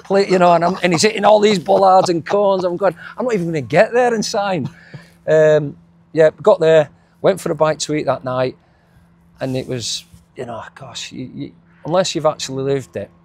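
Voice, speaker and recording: A middle-aged former footballer from England, with a Yorkshire accent, reminisces in a casual interview. His fairly high voice is steady, creaky and a little mellow at a moderate pace, and he rambles with frequent restarts and chuckles.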